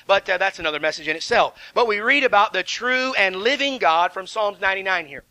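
Middle-aged male pastor, folksy sermon delivery, high bright voice, dry close sound. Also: animated, a little fast, no room sound, rough recording. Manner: folksy and conversational, with many fillers and restarts.

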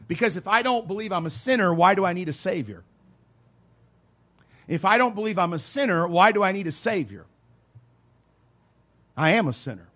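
Emphatic preacher man, slow stresses. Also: high voice, a bit bright. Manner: emphatic, slows down to stress scripture phrases, folksy asides. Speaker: preacher teaching soul-winning. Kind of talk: sermon teaching with role-played witnessing.

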